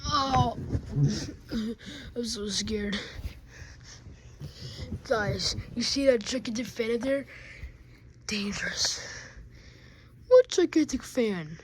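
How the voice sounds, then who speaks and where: A woman's voice: on the high side, lively intonation, takes it slowly, pauses often, slight background noise. A woman playing out scenes with plush toys, playfully switching between character voices and asides to viewers. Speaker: plush toy video maker.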